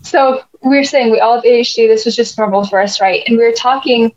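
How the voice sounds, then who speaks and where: American woman podcast host, chatty and rambling, higher pitch, dull lo-fi recording. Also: fast talker. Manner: rambling, loses her train of thought, many restarts. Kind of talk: casual chat. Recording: muffled lo-fi podcast audio.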